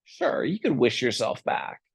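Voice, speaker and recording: A man voicing a sly, scheming male genie while telling a story during a yoga class, in a drawn-out, coaxing manner. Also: creaky, slightly rough, no echo, exaggerated voice. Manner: coaxing, drawn-out, high and lively.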